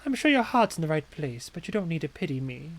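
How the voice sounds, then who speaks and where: Guy doing a proper old lady, a bit guarded, higher voice. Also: sing-song, quick pace. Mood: prim. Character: prim elderly woman on a bench.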